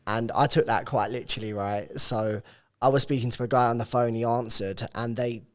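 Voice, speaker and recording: A man's voice: mid-range voice, steady tone, brisk. A man co-hosting a podcast, telling stories in casual, chatty talk with the odd swear word. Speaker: podcast co-host.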